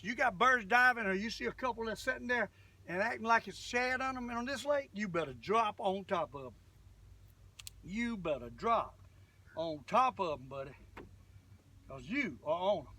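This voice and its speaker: A folksy man talks excitedly to the camera from his boat, his voice high and bright. He is caught a little way off the camera mic, with faint wind and engine noise outdoors around him. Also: far from the mic. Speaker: fishing vlogger. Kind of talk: casual running commentary while fishing.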